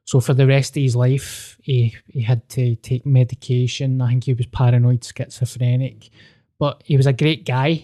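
A man spins a story on a casual podcast and peppers it with swearing. His voice is mellow and mid-pitched. He acts out every line of dialogue. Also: flat delivery, normal speed. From Scotland. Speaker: podcast co-host.

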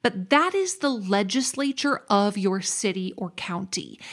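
Woman host giving clear practical advice. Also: medium pitch. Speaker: podcast host answering listener questions. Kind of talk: explanatory casual talk.

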